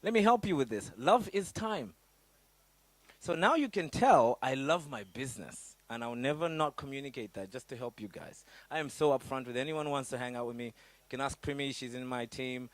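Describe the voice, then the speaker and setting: A man's voice: medium pitch, animated, moderate pace, dry recording. A man from Africa, a startup business coach, giving a candid motivational workshop talk full of stories, swearing and questions to the audience.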